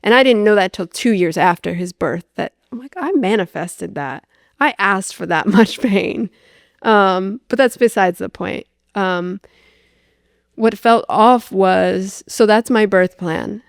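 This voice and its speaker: A young adult woman telling her own story as a podcast guest, animated and full of "like" fillers as she acts out what others said. Her voice sits at a middle pitch. The sound is dry and close. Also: unhurried, gravelly, no room sound. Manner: animated, filler-heavy, re-enacts dialogue. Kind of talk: candid personal storytelling.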